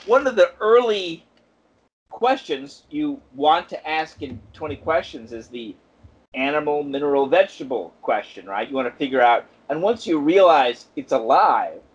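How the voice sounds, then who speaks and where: A man's voice: fairly high pitch, husky. A man co-hosting a casual podcast, rambling through his ideas with lots of asides. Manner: rambling, thinks aloud with many asides. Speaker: podcast co-host. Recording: dull lo-fi podcast audio.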